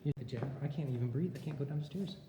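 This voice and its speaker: A man's voice: medium pitch, racing, noisy background. A male teacher from Texas, putting on an Australian accent, gives a playful walking tour of his school with jokey asides. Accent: put-on Australian accent. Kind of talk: walking video tour narration. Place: empty school hallways and rooms, indoors. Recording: echoey hallways, faint ambience.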